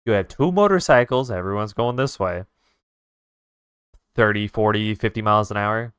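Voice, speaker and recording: Profane, animated male streamer. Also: lowish voice, normal speed, smooth, no room sound, studio quality. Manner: animated, profane retelling with sound effects. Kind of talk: casual storytelling while drawing on stream.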